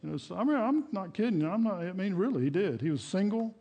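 A man's voice: high-pitched, lively intonation, fast talker, warm tone, husky, dull audio. A middle-aged male pastor preaching a sermon in a church, talking in a casual, folksy way and acting out prayers and quotes. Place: church sanctuary.

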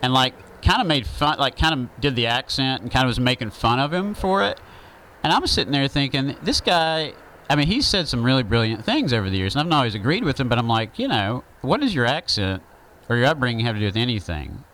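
A man's voice: medium pitch, sing-song, a little fast, fairly bright tone, slight background noise, rough recording. A man with a Southern accent, talking through an opinion monologue in a rambling, conversational way with many fillers.

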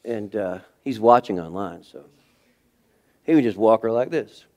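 Man preaching an animated sermon. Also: fairly low pitch, unhurried. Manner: animated storytelling, acting out scenes with sudden shifts in loudness. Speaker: pastor. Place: church sanctuary.

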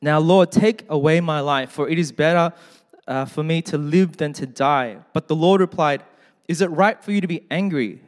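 A man's voice: a little high, moderate pace. A man preaching a sermon in a conversational way, with joking asides, who also reads scripture aloud. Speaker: pastor. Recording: long hall reverb.

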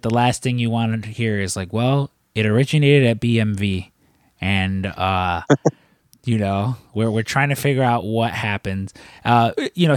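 A man's voice: mid-range voice, no room sound, studio quality. A man co-hosting a casual film discussion, talking in a rambling, reflective way. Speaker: podcast co-host.

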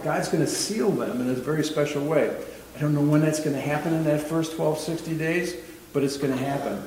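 Bible-class teacher, man, slightly high voice, loose chatty delivery, booming echo with faint hiss. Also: brisk, darkish tone. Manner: chatty, rambling, chuckles often. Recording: very echoey room, faint noise.

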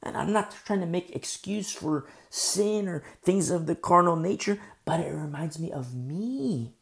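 A male pastor with a sore throat, teaching a Bible study in a conversational way, swinging between loud emphasis and soft, slow talk. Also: a little high, lively intonation, vocal fry.

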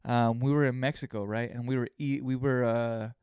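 A man's voice: mid-range voice, steady tone, normal speed, darkish tone, clean tone, no room sound, clean studio sound. A man hosting a solo podcast, telling rambling stories with plenty of swearing. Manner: rambling storytelling, heavy swearing. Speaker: podcast host. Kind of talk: casual solo podcast monologue.

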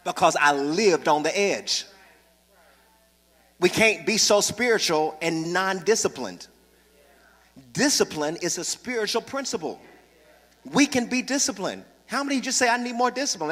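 Pastor, male, high bright voice, playful preaching, long church-hall reverb. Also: normal speed. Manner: lively preaching with humor, calls for congregation responses. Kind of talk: sermon. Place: church sanctuary.

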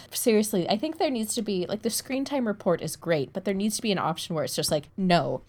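A woman's voice: mid-range voice, animated, brisk, a little mellow. A woman co-hosting a podcast in casual chat, playful and swearing offhandedly. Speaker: podcast co-host.

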